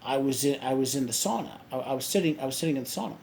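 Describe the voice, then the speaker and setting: A man's voice: mid-range voice, expressive, rapid-fire, creaky, darkish tone, slight background noise. A flustered Russian man complains in an ordinary mid-range voice, as a man quotes him. It stays close to the teller's own easy tone. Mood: complaining.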